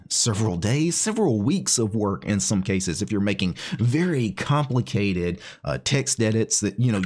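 A man's voice: medium pitch, a little mellow. A man hosting his own channel, explaining commands step by step in a casual, conversational way, often adding "you know" and "right?". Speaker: channel host. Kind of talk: casual screen-share tutorial.

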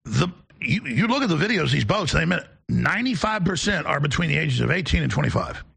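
A man hosting a call-in talk show, delivering a sarcastic rant with shouted outbursts. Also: a little high, very animated, fast talker, vocal fry, husky. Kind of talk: ranting call-in show monologue.

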